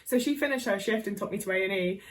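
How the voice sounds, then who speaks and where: A woman's voice: mid-range voice, fast, far from the mic, a little hiss or hum, poor audio. A young English woman vlogger telling a personal story to camera, candid and sweary, with lots of "like".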